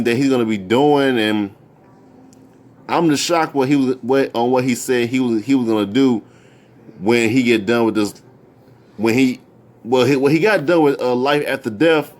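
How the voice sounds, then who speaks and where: A man in his thirties telling a personal story in a casual, rambling way, repeating himself and restarting his sentences. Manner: rambling, repeats words and restarts, jumps into high excited voices when quoting.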